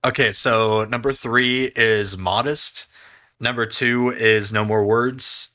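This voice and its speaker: A man's voice: mid-range voice, fairly even intonation, slow, bright, forceful tone. A man co-hosting a podcast, recapping events in casual chat, swearing and using slang. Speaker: podcast co-host.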